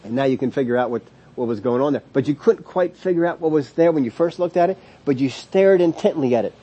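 Emphatic male Bible teacher, slow stresses. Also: medium pitch, expressive, mellow, husky. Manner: explanatory, emphatic, with slow drawn-out stresses on key words and frequent restarts; chuckles between points. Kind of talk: sermon teaching.

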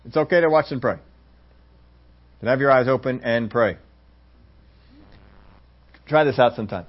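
Lively male preacher on a dull recording. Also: mid-range voice, normal speed. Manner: lively preacher acting out scenes, swinging between loud exclamations and hushed asides. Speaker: pastor. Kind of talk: sermon.

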